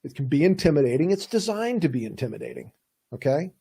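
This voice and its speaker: Emphatic man with a husky voice. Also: on the high side, very animated, fast, mellow. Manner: emphatic, folksy, acts out quoted voices. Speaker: podcast host and defense attorney. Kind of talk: casual advice monologue.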